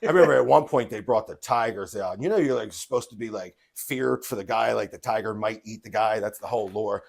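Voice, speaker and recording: A man's voice: fairly low pitch, fairly quick, creaky. A man, co-hosting a podcast in casual chat and telling stories with lots of laughter. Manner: animated storytelling, laughs often. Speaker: podcast co-host.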